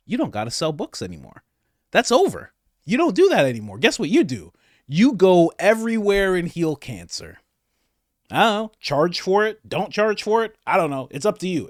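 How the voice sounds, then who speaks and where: Male podcast host, sarcastic comic ranter with a lively, upper-set voice. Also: fairly high pitch, no room sound, studio quality. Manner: sarcastic, mocking, animated ranting. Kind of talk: comedic political commentary.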